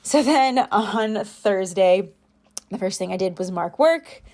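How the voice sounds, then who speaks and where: A woman's voice: mid-range voice, expressive, takes it slowly, a little mellow. Chatty young woman rambling through her week. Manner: rambling, chatty, self-deprecating. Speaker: planner vlogger. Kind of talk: casual voiceover chat. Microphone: home voiceover mic.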